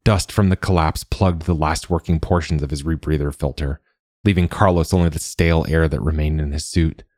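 A man narrating a story in a measured, steady way, like a scripted audiobook. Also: extremely low pitch, no echo, studio quality.

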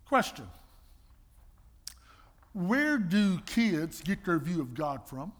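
An older man giving sermon-style teaching with personal stories, emphatic and animated, with a husky voice. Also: sits high, takes it slowly. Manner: animated storyteller, emphatic, mimics slapping sounds. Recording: long reverb in a large hall.

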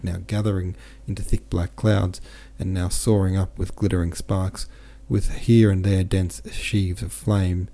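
A man narrating a classic novel as an audiobook in a steady, measured reading. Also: low-pitched.

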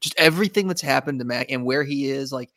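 A man of middle pitch reflects on a scene in casual podcast chat, starting and restarting his sentences. He laughs lightly between thoughts, and the sound is dry and close. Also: fast, fairly bright tone, no echo. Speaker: podcast co-host.

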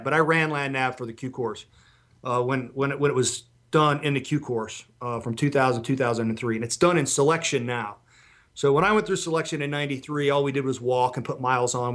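Blunt profane middle-aged veteran storyteller. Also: male voice, medium pitch, fairly bright tone. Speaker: former Special Forces instructor. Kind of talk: podcast storytelling.

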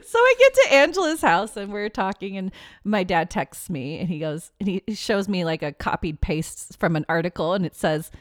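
A woman co-hosting a podcast, chatting casually in an animated, self-mocking way and laughing through her words. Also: medium pitch, moderate pace, dry recording, studio quality. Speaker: podcast co-host. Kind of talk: casual chat.

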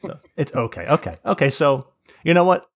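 Rambling, animated man telling stories. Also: on the high side, fairly quick. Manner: rambling, animated storytelling with swearing and laughs. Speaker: podcast host. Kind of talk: casual chat.

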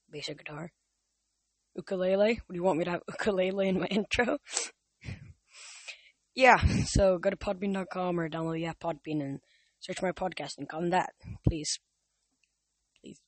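Young man, podcast reader, casual halting read-aloud, dry voice. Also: a little high, no echo. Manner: halting, with restarts and fillers. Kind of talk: casual audiobook reading.

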